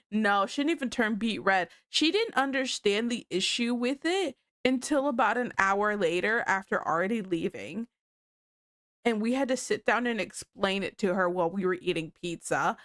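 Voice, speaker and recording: A woman's voice: mid-range voice, lively intonation, normal speed, a bit bright, no room sound, clean studio sound. Giggly stuffy-nosed young woman streamer. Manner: giggly, laughs often and easily. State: sick with a blocked nose, sniffling. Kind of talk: casual livestream chat.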